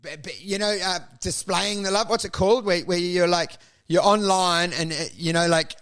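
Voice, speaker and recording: A man with a high, bright voice co-hosts a casual comedy chat. He rambles and swears, and he acts out mocking little quotes as he goes. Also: steady tone, normal speed, smooth. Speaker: podcast co-host.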